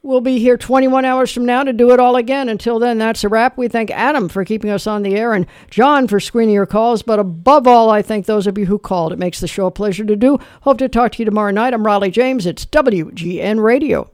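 A late-night call-in radio host, a man with a notably high voice, moves briskly from caller to caller. He answers with quick affirmations and rattles off sign-offs at a studio mic. The sound is dry and close, with no room around it. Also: smooth, no echo.

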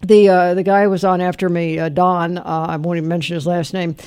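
A man hosting a call-in music quiz show on radio, telling stories and running the quiz with quick banter. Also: high voice, flat delivery, a little mellow, smooth, no echo, studio quality. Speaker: radio host.

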